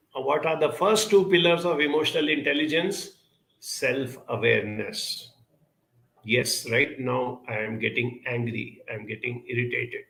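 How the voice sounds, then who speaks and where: A man answers audience questions with earnest, measured advice, his voice gravelly yet bright. He pauses often, filling gaps with 'uh'. The sound rings with the echo of a roomy space. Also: medium pitch. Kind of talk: advice talk.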